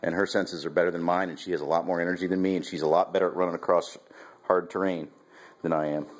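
A man's voice: low voice, fairly even intonation, quick pace. A man casually explaining dog training in a vlog, rambling, with fillers and restarts. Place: at home, then outdoors with a dog.

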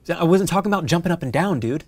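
A man's voice: on the high side, expressive. A man playing a smoke shop manager who is exasperated while interviewing a job applicant. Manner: quick, dry, exasperated.

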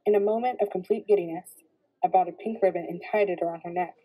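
A woman reading a novel aloud in steady first-person narration. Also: fairly low pitch, fast talker, slightly rough, highs cut off. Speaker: reader.

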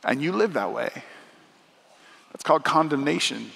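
A man preaching a sermon as pastor, talking to the congregation in a conversational way that swings from soft asides to loud, emphatic lines. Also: on the high side, lively intonation, normal speed, vocal fry, long reverb tail. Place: church auditorium.

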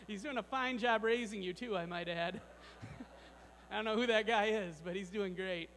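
A man's voice: extremely high pitch, slow pace, fairly bright tone. A man giving a playful children's sermon in a large church, joking with the kids and the congregation. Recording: long church hall reverb, mains hum.

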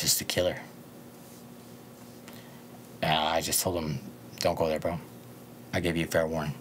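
A young man with a fairly low voice rambles through a profane story. He drifts from loud outbursts down to quiet mutters, with a faint hiss of noise under the recording. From Southern California. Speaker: interview guest.

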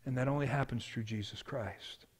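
A man preaching a sermon as pastor, telling a story with swings from hushed to loud. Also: medium pitch, moderate pace, breathy edge.

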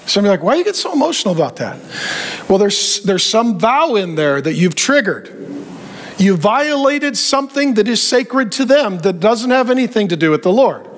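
A man preaching a sermon as a pastor, animated and joking, and acting out the voices he quotes. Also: high-pitched, normal speed.

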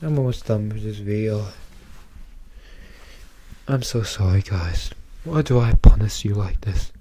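A man's voice: on the low side, a little slow, warm tone, a little hiss or hum. An exhausted man rambling through an unscripted vlog, repeating himself and mocking himself as he goes. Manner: rambling, repetitive, self-mocking. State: exhausted, worn out. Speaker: YouTuber.

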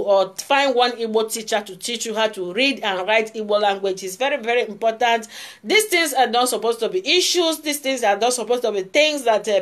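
A woman talking earnestly to her channel's viewers, repeating herself and using many fillers. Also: fairly high pitch. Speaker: YouTube channel host. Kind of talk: casual monologue.

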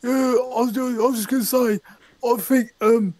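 High-voiced brit guy, deadpan rambly mock threats, comedy banter. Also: moderate pace. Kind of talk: improvised comic banter.

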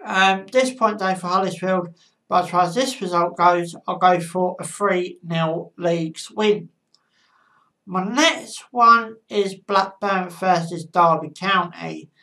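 A woman casually giving football match predictions, with a halting delivery and frequent pauses. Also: fairly low pitch, a bit bright. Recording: voice a bit far from the mic.

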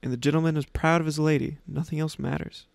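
A man voicing a calm, gentle young woman from a short story, reading her lines softly and gently questioning. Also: on the high side, quick pace, creaky, no room sound.

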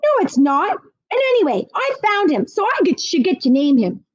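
A woman puts on an excitable young boy for a storybook reading, high and springy with eager pleading. The sound is dry and slightly dull. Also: moderate pace, no room sound.

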